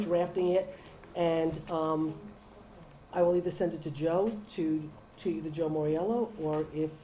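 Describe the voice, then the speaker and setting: A woman's voice: fairly low pitch, dark tone, a little hiss or hum, rough recording. A woman chairing a public town meeting, firmly keeping the discussion in order. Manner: firm, calls the room to order. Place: municipal meeting room.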